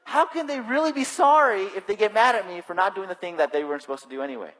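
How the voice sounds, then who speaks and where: A male pastor preaching a sermon, lively and acting out quoted voices, swinging between loud bursts and hushed asides. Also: sits high, quick pace. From New England. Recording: long hall reverb.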